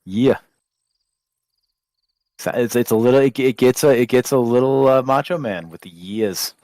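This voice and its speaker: A man's voice: medium pitch, moderate pace, darkish tone, no echo. A man co-hosting a let's play, chatting casually, rambling and laughing as he mimics accents. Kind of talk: casual chat.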